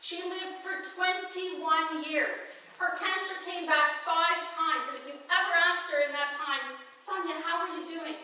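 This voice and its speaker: A woman inspirational speaker telling stories in an animated, emotional keynote speech. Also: very high-pitched, a little slow, hardly any pauses. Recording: echoey hall from far off, faint noise.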